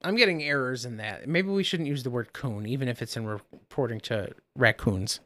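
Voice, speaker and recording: A man's voice: mid-range voice, moderate pace, a bit bright, dry recording. A man co-hosting a podcast in casual chat, playful and teasing, always jumping into silly bits. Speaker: podcast co-host.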